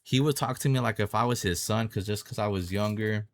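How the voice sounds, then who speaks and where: Speaking briskly in a fairly low voice, a young vlogger launches into a heated, curse-filled rant about a coworker, repeating himself as he tells the story. The audio carries a little hiss or hum.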